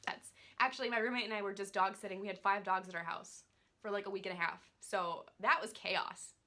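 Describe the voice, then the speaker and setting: A woman's voice: mid-range voice, fairly even intonation, fairly quick, sharp tone. A young woman chatting casually, bubbly and giggly, saying "like" often. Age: young adult. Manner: bubbly, giggly, uses "like" a lot. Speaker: guest, daughter. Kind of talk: casual chat.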